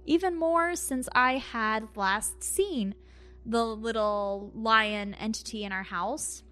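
A woman on a podcast, casually telling a personal story with animated asides and acted-out quotes. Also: a little high, slow, faint music behind. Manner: animated storytelling, acts out her own quotes with laughs. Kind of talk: casual chat.

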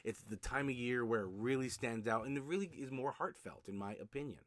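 On his solo podcast, a notary signing agent speaks fairly quickly in a mid-range, slightly bright voice, with no echo on the recording. He offers laid-back advice conversationally, frequently restarting, repeating himself, and using fillers.

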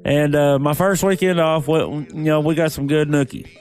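Excitable, crude male storyteller. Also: on the high side, normal speed, soft background music. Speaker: podcast co-host. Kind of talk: casual podcast chat.

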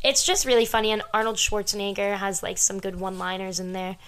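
Bright-voiced woman co-host chiming in. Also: medium pitch, level tone. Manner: quick, playful, interjecting. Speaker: podcast co-host. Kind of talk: casual podcast chat.

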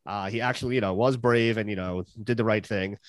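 A man's voice: lowish voice, steady tone, a little fast, no echo. A man hosting a podcast, recapping an episode in a rambling, casual way with many fillers. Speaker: podcast host.

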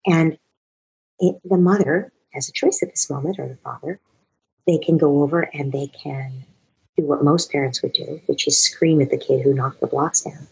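A woman's voice: deep voice, creaky, a little mellow, slightly rough, low-quality recording. A woman giving a long earnest explanation of child discipline as a parenting expert, now and then acting out parents and children. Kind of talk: explanatory talk answering a question.

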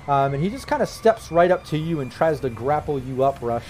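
A man's voice: a little high, very animated, brisk, darkish tone, a little hiss or hum. A man running a tabletop game as game master, narrating loosely with lots of fillers.

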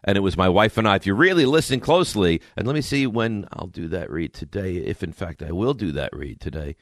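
A middle-aged man hosting a radio show, telling stories in animated, exasperated, wry banter. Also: low-pitched, fairly quick, no room sound, studio quality. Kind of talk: casual morning radio banter. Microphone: studio microphone.

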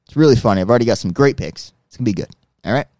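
A man hosting a podcast, chatting casually and joking in an animated way. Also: mid-range voice, dry recording. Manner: animated, quick, jokey. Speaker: podcast host. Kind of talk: casual chat.

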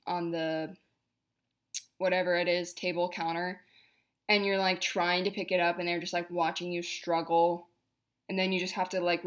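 A woman's voice: on the low side, a bit bright. A young woman hosting a podcast, talking in a chatty, rambling, exasperated way about everyday annoyances. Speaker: podcast host. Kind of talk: casual monologue.

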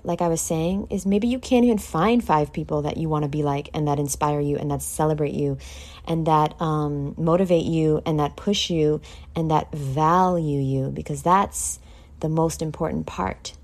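A woman's voice: low voice, normal speed. A woman hosting a podcast, talking candidly and emotionally in a casual solo monologue, swearing freely. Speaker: podcast host.

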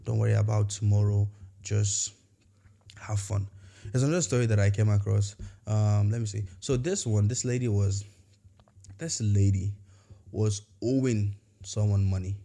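Male podcast host, mellow low voice, casual motivational storyteller. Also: gravelly. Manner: conversational, many fillers and restarts; acts out quoted voices in storytelling.

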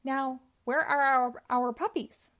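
Purdy, a woman voicing a brisk mother dog. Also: high voice, fairly even intonation, a bit bright. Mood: firm. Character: caring mother dalmatian, calm and practical.

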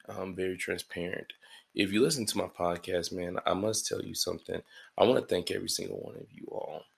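Sleepy, gravelly, low-voiced man. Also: a bit bright. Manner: rambling, profane and self-deprecating. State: sleepy, yawning early in the morning. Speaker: podcast host and stand-up comedian. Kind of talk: casual solo podcast monologue. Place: his apartment.

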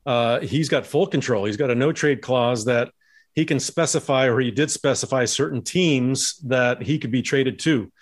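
Man, ex-ballplayer, podcast co-host, relaxed, teasing, casual chat. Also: mid-range voice, moderate pace. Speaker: former pro baseball player and podcast co-host.

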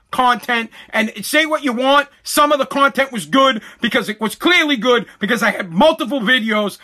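A man's voice: extremely high pitch, pushed and bright. A man who makes online content, ranting angrily to camera, repeating himself and swearing. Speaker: content creator. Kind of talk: angry rant to camera.

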